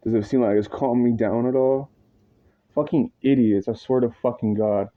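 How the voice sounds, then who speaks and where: A man's voice: mid-range voice, fairly even intonation, normal speed. A man ranting agitatedly in a rambling, profane monologue full of slang, his words tumbling into restarts. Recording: dull lo-fi audio.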